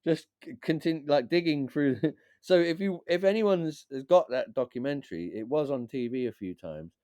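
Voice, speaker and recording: A man, a DJ and beat maker who is a guest on a podcast, telling stories in a lively, swearing, casual way and acting out what others said. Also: on the high side, normal speed, no room sound. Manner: animated, swears freely, acts out quotes. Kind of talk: casual storytelling chat.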